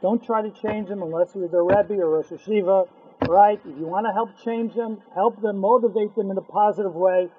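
A man leads a religious class for men, telling a story with lively jokes and asides. His voice is husky and high for a man, and the audio is thin and tinny, like a phone call. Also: normal speed, no room sound. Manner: animated, joking storyteller. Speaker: religious teacher.

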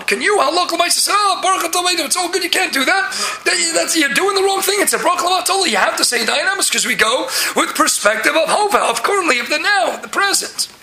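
High bright-voiced man teaching Torah. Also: roomy sound. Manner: impassioned, rising to exclamations, with many Hebrew terms. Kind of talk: Torah lecture.

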